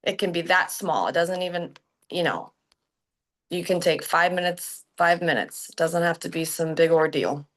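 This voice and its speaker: A young adult woman, a hypnotherapist, talking about healing in a casual, animated, slangy way. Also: on the low side, normal speed. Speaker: guest hypnotherapist. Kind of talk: casual podcast chat.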